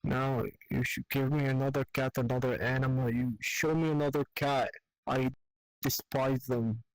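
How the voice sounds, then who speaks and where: A young man speaks in a steady, level tone with little rise and fall. His delivery is candid, profane and halting as he tells an emotional personal story. The sound is dry and close. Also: mid-range voice, dry recording, rough recording. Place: online voice chat in a virtual world.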